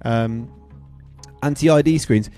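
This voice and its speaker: A man's voice: medium pitch, slow, mellow, faint music behind. A man hosting a DJ livestream, rambling and joking, swearing freely and trailing into asides. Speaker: DJ livestream host.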